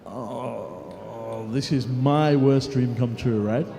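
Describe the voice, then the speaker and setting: Joking man hosting a live stage event, mellow fairly high voice, long hall reverb. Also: drawn-out words, gravelly, slight background noise. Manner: chatty, joking, teasing the crowd. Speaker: event host. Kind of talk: improvised stage banter. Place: large conference hall on stage. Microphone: stage microphone.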